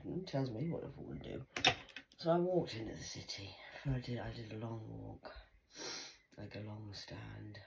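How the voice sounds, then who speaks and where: Rambling, swearing woman with a lively voice. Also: extremely low pitch. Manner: swears freely, blunt and rambling. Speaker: vlogger. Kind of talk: rambling monologue to camera.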